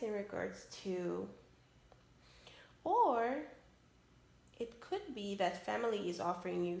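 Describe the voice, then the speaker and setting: A woman giving a casual tarot reading who is losing her voice, halting often with "um" and tagging her points with a questioning "okay?". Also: mid-range voice, creaky, a little mellow. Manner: tags many phrases with a questioning "okay?"; hesitant, with frequent "um" and restarts. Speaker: tarot reader. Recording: roomy echoey room.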